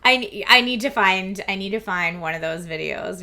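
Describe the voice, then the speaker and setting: Bright, chatty woman streamer. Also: medium pitch, normal speed. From Philadelphia and New Jersey area. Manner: chatty and animated, many "like"s, laughs often. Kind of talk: casual chat with live-stream viewers.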